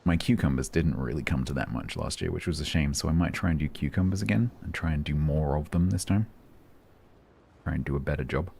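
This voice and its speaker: A man's voice: rumbling low, brisk, vocal fry, a little mellow, slight background noise. A man, chatting casually with his stream viewers and rambling with many ums and restarts. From London, England. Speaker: livestreamer. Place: home, United Kingdom.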